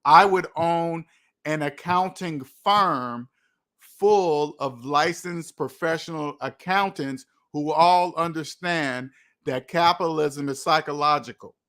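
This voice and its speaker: A man hosting a livestream, answering viewers' comments in an emphatic way, slowing down to stress his points. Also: fairly high pitch, a bit bright. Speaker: livestream host. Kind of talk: live chat reading comments.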